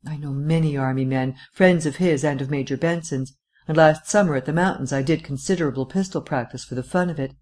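A poised, candid young woman who explains herself calmly and plainly, read by a man. She is a figure in an audiobook mystery. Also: a little high, brisk, natural voice. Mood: composed.

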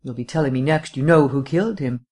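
A man reading as a gruff, exasperated prosecutor. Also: fairly high pitch, expressive, moderate pace, darkish tone, natural voice. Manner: blunt, exasperated. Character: gruff, stubborn male district attorney, irritable.

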